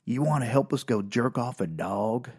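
A man's voice: medium pitch, animated, moderate pace, a little mellow, husky. A man quoting a crude, lazy male coworker in a blunt, offhand way, close to his own voice.

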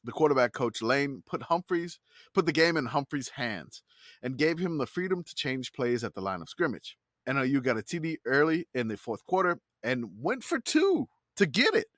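A man hosting a casual sports podcast, his pitch rising and falling a lot as he recaps an old game. He laughs easily between points. The sound is dry and close. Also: no room sound. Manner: animated storytelling with quick laughs. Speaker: podcast host.

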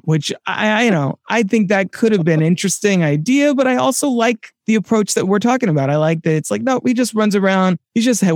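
A man co-hosting a casual film podcast, talking in an animated way with many restarts and sudden bursts of excitement. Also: a little high, no room sound, studio quality. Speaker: podcast co-host.

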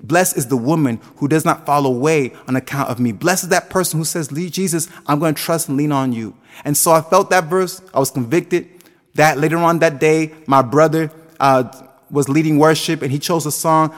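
A man's voice: on the high side, fairly quick, fairly bright tone, long reverb tail. A man in his twenties preaching a sermon with a passionate, sing-song cadence that rises and falls. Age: 20s.

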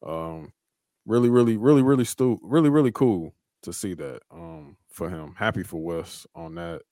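A man co-hosting a podcast, his voice sitting on the low side. He chats loosely, swears a lot, and slips into quick impressions when he retells a scene. The recording is close and dry, with no room sound. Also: expressive, warm tone, dry recording. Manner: laid-back, swears freely, acts out quoted wrestlers. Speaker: podcast co-host. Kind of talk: casual wrestling chat.

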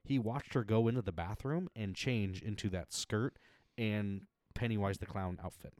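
Lowish-voiced dude swearing his way through a funny work story, dry mic sound. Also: moderate pace, no echo. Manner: animated storyteller, swears freely, laughs often. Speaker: podcast co-host. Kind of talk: casual chat.

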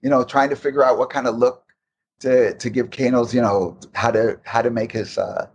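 A man's voice: mid-range voice, normal speed, a little hiss or hum. Rambling man telling studio anecdotes. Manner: rambling, restarts often, animated anecdotes. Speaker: guest recalling game development. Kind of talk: casual interview storytelling.

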